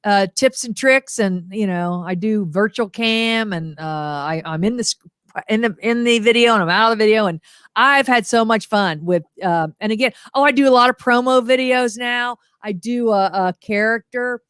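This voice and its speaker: A woman's voice: a little high, moderate pace, smooth, no room sound, studio quality. A middle-aged woman, a motivational humorist, chatting as a guest over a video call and acting out quotes in voices. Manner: animated storyteller, acts out quotes in voices. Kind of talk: casual interview chat.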